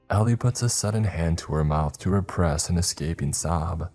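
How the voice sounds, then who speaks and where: A man narrating a first-person horror story in a slow, measured way. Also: low voice, a little mellow. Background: faint music.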